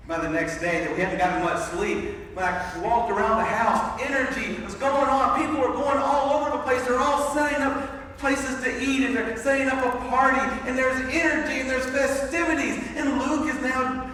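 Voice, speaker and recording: A man's voice: very high-pitched, fairly even intonation, moderate pace, a bit bright, a little hiss or hum. A man preaching, retelling a story in the first person with dramatic build and repeated words. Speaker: pastor. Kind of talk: sermon storytelling. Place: church sanctuary. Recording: echoey hall recorded from far off.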